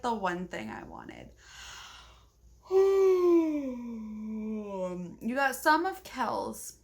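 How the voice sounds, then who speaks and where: A woman book vlogger talks in an unhurried, easygoing way, gushing over what she has read. She fills her casual chat with "like" and sounds relaxed rather than polished. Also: on the high side. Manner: chatty and gushing, fills speech with "like"; yawning, talking at bedtime. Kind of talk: casual reading vlog chat.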